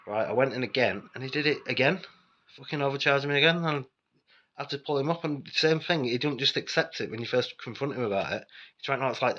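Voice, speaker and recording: A man's voice: mid-range voice, a bit bright, dull audio. A Yorkshire man telling his own stories in a rambling, sweary, blunt way, often turning asides to the listener. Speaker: vlogger telling personal stories. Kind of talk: casual storytelling monologue.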